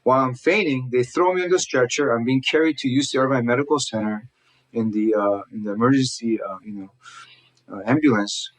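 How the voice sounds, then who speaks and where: A man recounting a personal story to an interviewer, talking quickly and earnestly, restarting phrases and acting out what others said. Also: mid-range voice, rough recording. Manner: fast, earnest retelling full of restarts, acting out quotes. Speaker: guest telling his life story. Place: lives in Southern California.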